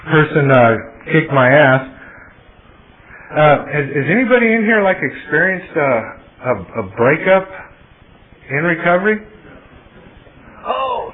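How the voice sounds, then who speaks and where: A man's voice: on the high side, slight background noise. A man telling his own recovery story to a meeting, self-mocking and loose, with many fillers and restarts. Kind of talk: personal story told to a live audience. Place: meeting room at a podium. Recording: tinny phone-like old tape.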